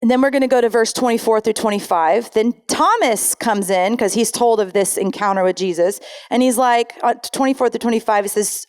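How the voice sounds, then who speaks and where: A woman's voice: fairly high pitch, a little mellow, smooth. A woman pastor giving a sermon in a conversational way, reading scripture aloud and often correcting herself mid-sentence.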